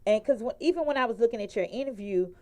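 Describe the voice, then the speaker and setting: Woman host, chatty and relaxed; higher voice, easy laughs. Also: fast talker. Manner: chatty, loose, laughs easily. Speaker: show host. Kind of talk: casual live interview.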